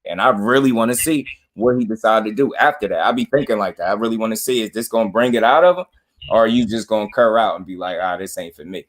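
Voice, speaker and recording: A man's voice: fairly low pitch, fast talker. A man hosting a casual panel chat, talking boxing in a slangy, opinionated way. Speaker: boxing show host.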